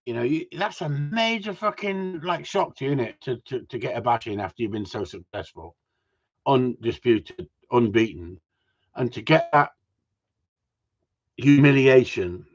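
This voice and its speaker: With a mid-range voice and lively intonation, a middle-aged man runs a live stream, chatting with viewers in a bouncy but unhurried way. He's talkative, swears constantly, and laughs often, all captured on a muffled, dull, lo-fi recording.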